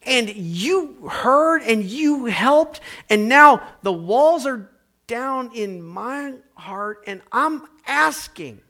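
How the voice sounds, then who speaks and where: A man's voice: extremely high pitch, bright, forceful tone. A man preaching a sermon, telling a personal story in a conversational, emphatic way. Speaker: pastor.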